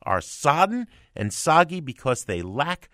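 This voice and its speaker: A male music critic co-hosting a radio show, speaking with heavy sarcasm and emphasis. His voice leaps all over the pitch range. The studio sound is dry and close. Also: sing-song, a little slow, bright, forceful tone, dry recording. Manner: emphatic and sarcastic, with sweeping swings of inflection. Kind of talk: opinionated review talk. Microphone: close studio mic.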